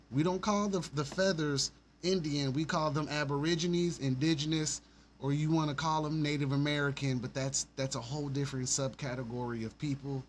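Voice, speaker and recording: A man's voice: fairly high pitch, slight background noise. A man from Alabama, hosting a casual livestream and talking bluntly and animatedly, with frequent swearing and laughter. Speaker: stream host.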